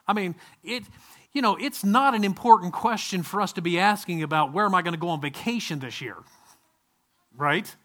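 A middle-aged man preaching a sermon in a conversational, animated way, with asides to his listeners. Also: high voice, normal speed.

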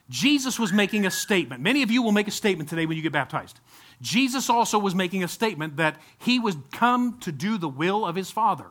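A male pastor gives a loose, conversational sermon at a baptism service. His voice sits high for a man and sounds bright and forceful. He restarts his phrases often and breaks into sudden excited bursts. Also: fast.

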